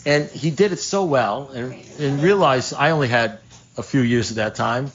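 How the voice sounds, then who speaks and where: A man's voice: medium pitch, animated, normal speed. A man speaking at a recovery meeting, telling a story in a loose, conversational way, with wry asides and restarts, acting out other people's lines. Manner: acts out quoted dialogue. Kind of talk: storytelling talk to a live group. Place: meeting room at a recovery group. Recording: dull lo-fi room recording, faint noise.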